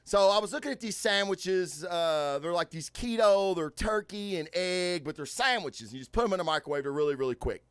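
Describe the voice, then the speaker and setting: A man's voice: high voice, animated, a little fast, few pauses, smooth, no room sound. A man hosting a casual podcast, telling stories loosely with many fillers and plenty of swearing. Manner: loud, swearing, storytelling with lots of fillers. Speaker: podcast host. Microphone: studio microphone.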